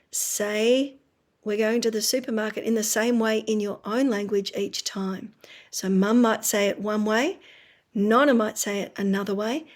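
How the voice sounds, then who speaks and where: A woman speaks as a speech pathologist, coaching parents in a friendly, explanatory way. She often checks in with the listener as she walks through her advice. Her voice sits at an ordinary middle pitch. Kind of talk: instructional talk to parents.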